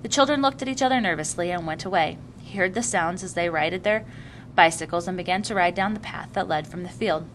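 A woman narrating a novel aloud with expressive reading. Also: fairly low pitch, a little fast, slight background noise.

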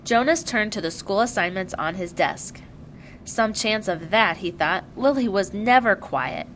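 A woman reads a novel aloud in a measured, clear storytelling voice of middling pitch. A faint low rumble runs underneath. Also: lively intonation, a bit bright, low-quality recording. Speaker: audiobook narrator. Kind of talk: scripted narration.

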